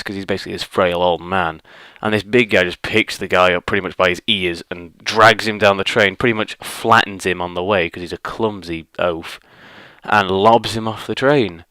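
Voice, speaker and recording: Grumbling man, smooth low voice. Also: normal speed, sharp tone, no echo, studio quality. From northwest England. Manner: grumbling and exasperated, rambling with many fillers. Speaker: vlogger. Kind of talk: casual ranting monologue.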